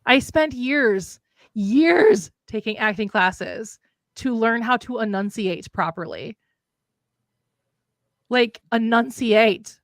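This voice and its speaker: A woman's voice: fairly high pitch, lively intonation, slow, no echo, studio quality. A woman with a light Minnesota accent, chatting casually and ramblingly as a livestream co-host. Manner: chatty, rambling, drops in Norwegian words. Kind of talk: casual chat. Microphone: remote streaming setup.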